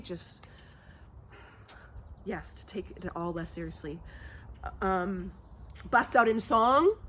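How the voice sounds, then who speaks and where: A woman giving casual, chatty advice as a well-being teacher, informal and quick to laugh. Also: medium pitch. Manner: chatty and informal, laughs often, many fillers. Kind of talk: casual spoken advice talk. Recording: steady background noise.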